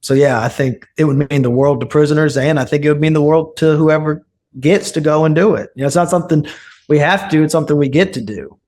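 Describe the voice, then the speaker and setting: A divinity student guests on a podcast, earnestly telling stories in a casual interview and acting out what people said. He talks fast, with a fairly high pitch and a darkish tone.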